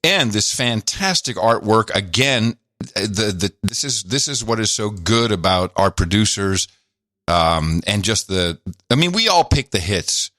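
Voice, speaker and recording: A man's voice: fairly low pitch, expressive, measured pace, sharp tone, no room sound. A man co-hosting a podcast in casual banter, joking and mocking with frequent laughs, on a close studio mic. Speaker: podcast co-host.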